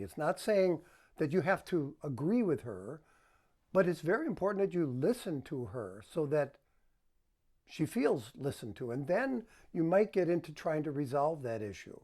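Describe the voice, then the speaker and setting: A man's voice: on the high side, a little mellow. A man working as a relationship counselor, giving advice to the camera in a coaching manner and acting out example tones of voice.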